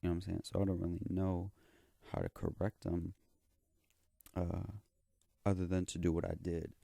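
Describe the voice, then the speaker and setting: Young man, casual storytelling, low gravelly voice, very dark tone, dry sound. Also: level tone, normal speed, dry recording. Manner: rambling, profane, slangy. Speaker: vlogger.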